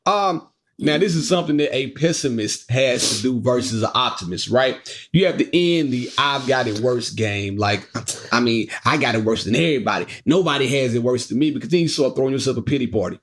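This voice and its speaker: A man co-hosting a podcast with his wife, talking in a casual, joking, animated way. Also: mid-range voice, a little fast. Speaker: podcast co-host. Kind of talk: casual chat.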